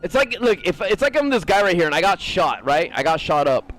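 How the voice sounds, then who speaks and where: A man talking casually to his live-stream chat while gaming, animated and ranting, swearing freely. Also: high-pitched, a little fast, poor audio.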